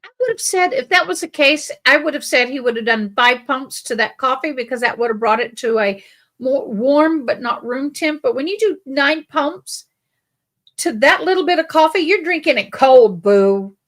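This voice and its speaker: A woman co-hosting a live stream, telling animated stories in casual chat. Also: high-pitched, moderate pace. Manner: animated, emphatic storyteller. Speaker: livestream co-host.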